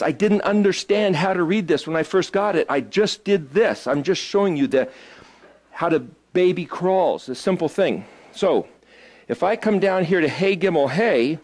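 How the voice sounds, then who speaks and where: A man teaching a small group in a relaxed way, thinking aloud as he looks things up and putting questions to his listeners. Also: fairly high pitch. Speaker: Hebrew study teacher.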